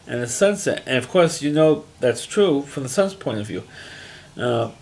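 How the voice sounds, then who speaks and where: A man talks through the plot of a crime drama episode in a loose, rambling way, circling back and restarting his sentences as he goes. His voice sits at an ordinary middle pitch, and his delivery is unpolished and conversational. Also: lively intonation, moderate pace, darkish tone. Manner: rambling, frequent restarts and fillers, plain-spoken. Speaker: TV episode reviewer. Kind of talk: casual recap monologue.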